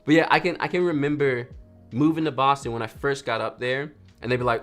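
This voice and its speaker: A man's voice: mid-range voice, fast. A man, casually chatting with viewers on his photography livestream and joking as he reads their messages. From North Carolina, USA. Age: 30s. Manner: lively, jokey, reads chat aloud, acts out quotes. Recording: faint music behind.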